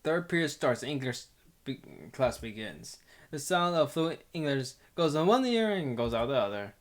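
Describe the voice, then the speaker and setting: A man's voice: medium pitch, sing-song, moderate pace. A man reading a visual novel aloud in a casual playthrough, amused and laughing often. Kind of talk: casual game playthrough narration.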